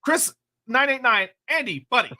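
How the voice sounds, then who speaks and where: A man's voice: extremely high pitch, lively intonation, moderate pace, sharp tone. A man hosting a casual stream, reading out viewer questions in a loose, rambling way with casual swearing. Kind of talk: casual livestream chat.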